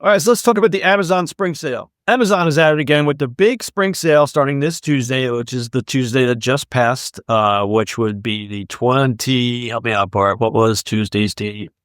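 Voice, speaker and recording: A man's voice: mid-range voice, moderate pace, few pauses, a bit bright, no room sound, clean studio sound. A man co-hosting a retail news podcast, reading the stories with wry, sarcastic asides in casual chat. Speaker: podcast co-host.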